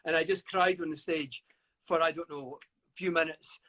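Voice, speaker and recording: This guest author, a middle-aged man from the UK, is interviewed over a live video call and talks at length, frequently stumbling and starting over. He speaks at a normal speed in a slightly bright voice on the high side, with fairly even intonation.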